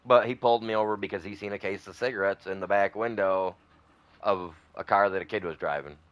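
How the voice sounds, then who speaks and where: A man's voice: fairly low pitch, brisk, a bit bright, dry recording, highs cut off. A man chatting casually over a farming game, rambling through a long story with many fillers and restarts. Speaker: gaming streamer. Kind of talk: casual gameplay chat.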